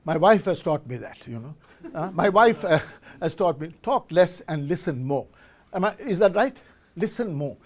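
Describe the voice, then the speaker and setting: Animated man lecturing a live crowd. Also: a little high, normal speed. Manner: animated, quizzes the audience, restarts words often. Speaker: speaker at a business forum. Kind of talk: motivational talk to an audience. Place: event hall with a live audience.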